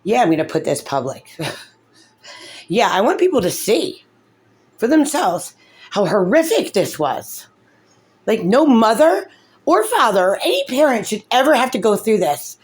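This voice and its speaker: A woman's voice: on the high side, sing-song, measured pace, pauses often, darkish tone, husky. A woman, a mother, talking through her grievances in an upset, rambling way, tearful and full of fillers. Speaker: mother in a custody case. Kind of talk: emotional vlog commentary.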